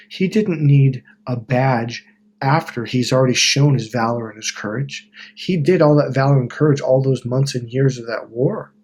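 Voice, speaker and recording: Husky guy from wisconsin ranting to camera, swears a lot, trips over his words. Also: medium pitch, darkish tone. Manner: rambling, profane, self-correcting. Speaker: self-help video host. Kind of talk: casual monologue.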